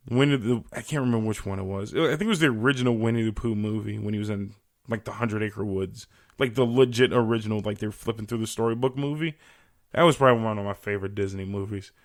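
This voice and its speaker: Young guy, podcast host, loose profane rant, slightly low voice. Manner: profane, ranting, casual. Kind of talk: solo comedic rant.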